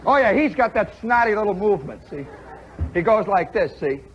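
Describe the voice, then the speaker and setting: A man's voice: sits high, lively intonation, normal speed, some chatter behind, a little hiss or hum. A middle-aged man hosting a live radio show, telling a story animatedly to an audience and mimicking play-by-play. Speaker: radio host. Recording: dull 1960s radio broadcast recording.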